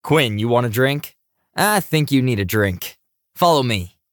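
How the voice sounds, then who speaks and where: A man's voice: medium pitch, unhurried, no echo, clean studio sound, close to an everyday voice. A man doing a modest, easygoing quarterback. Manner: relaxed, modest, gently teasing. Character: big modest young male quarterback, easygoing.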